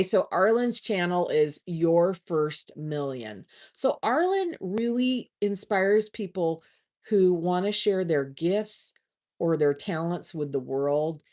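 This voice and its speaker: A woman hosting a casual livestream, chatting warmly with viewers and often restarting her words. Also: on the low side. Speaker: livestream host.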